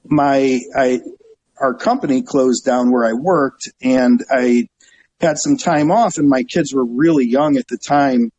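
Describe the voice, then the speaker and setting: A middle-aged man from Northeast Ohio, a guest telling lively stories in a casual interview and acting out the people in them. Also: medium pitch, unhurried, muffled recording. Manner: animated storyteller, acts out voices, laughs often. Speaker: guest, travel website owner.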